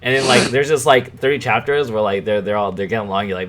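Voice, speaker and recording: Young male podcast host, low-ish voice, loose and profane, rambles and chuckles. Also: flat delivery, quick pace, a bit bright. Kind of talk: casual chat.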